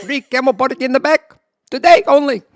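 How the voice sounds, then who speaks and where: Sing-song Indian shop clerk. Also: male voice, steady tone, fairly quick, dry recording, clean studio sound. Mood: salesy. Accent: Indian, exaggerated put-on. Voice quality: high, loud, sing-song hawking. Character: hammy male shop clerk with a put-on Indian accent.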